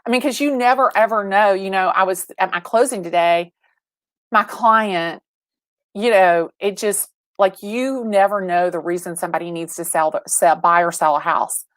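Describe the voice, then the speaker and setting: A woman in her forties, a real estate agent and guest, telling stories with lively acted-out dialogue over a video call. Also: medium pitch, normal speed, dry recording. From Atlanta, Georgia. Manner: animated storyteller, acts out quoted dialogue, many restarts. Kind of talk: livestream interview storytelling.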